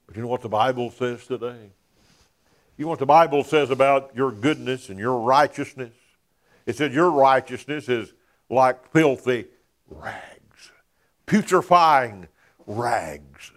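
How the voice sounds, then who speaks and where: A man preaching a sermon in a church, filling pauses with "uh" and dropping to a near whisper on key words. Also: medium pitch. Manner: preaching with frequent "uh" fillers, dropping to hushed emphasis.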